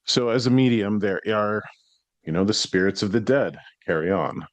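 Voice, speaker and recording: Guy telling a story on his podcast, lowish voice, gets animated, dry close sound. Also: moderate pace, no room sound. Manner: conversational, animated when retelling, with restarts. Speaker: psychic medium podcast host. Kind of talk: casual storytelling monologue.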